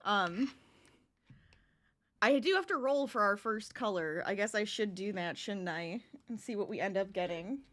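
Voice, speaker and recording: A woman's voice: mid-range voice, animated, moderate pace, a bit bright. Chatty woman streaming her crochet. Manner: chatty, laughs often, talks to chat. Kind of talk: casual live-stream chat.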